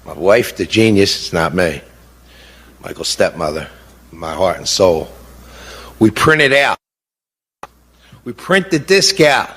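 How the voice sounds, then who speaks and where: A middle-aged bereaved father gives an emotional, indignant, impassioned account, repeating himself, posing rhetorical questions and often saying "you know." His voice sits low and sing-song, fairly bright with a breathy edge, and he takes it slowly, pausing often. Long hall reverb colors the recording.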